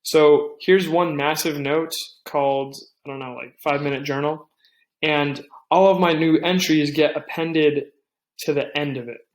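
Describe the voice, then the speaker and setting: A young man hosting a casual tech tutorial, talking things through with asides and quick restarts. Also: a little high, steady tone, roomy sound. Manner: chatty, thinks aloud with restarts and asides. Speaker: tech tips host. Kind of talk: casual screen-recorded tutorial.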